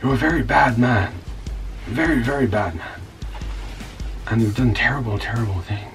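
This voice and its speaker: Man doing a slow, whispering, paranoid Brit who chats with a chair; distant mic. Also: medium pitch, music in the background, natural voice. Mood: hushed. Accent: British. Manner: hushed, slow, breathy whispering.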